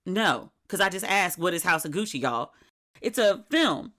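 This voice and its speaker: A middle-aged woman hosting her own podcast in casual solo chat, candid and chatty, acting out her friends' lines in lively voices. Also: on the low side, normal speed. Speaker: podcast host.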